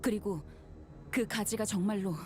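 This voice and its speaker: A woman's voice: mid-range voice, steady tone, rapid-fire, mellow, natural voice. An actress voicing an anxious young woman pleading for an answer in game dialogue. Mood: urgent.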